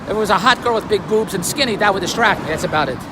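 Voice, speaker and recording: A man's voice: high voice, racing. A man telling a rambling, wry everyday story in a grumbling, self-amused way, recorded in a car by a busy street. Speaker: vlogger. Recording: noisy street traffic behind.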